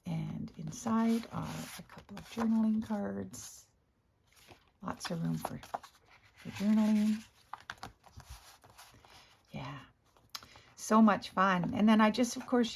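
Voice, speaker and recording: A woman with a hoarse morning voice, chatting casually as she shows her craft work, often clearing her throat and correcting herself. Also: mid-range voice, darkish tone, a little hiss or hum. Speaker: craft video host. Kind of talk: casual crafting show-and-tell.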